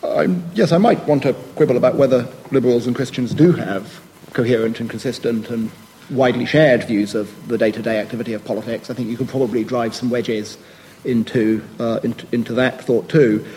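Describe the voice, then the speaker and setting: A man speaks in an academic panel discussion with a mellow, warm tone, pausing often on fillers and restarting his sentences as he thinks aloud. His voice rings with a long reverb, as in a lecture hall, over a faint hiss. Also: mid-range voice, fairly even intonation. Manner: hesitant, many fillers and restarts, thoughtful. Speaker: panelist answering a question.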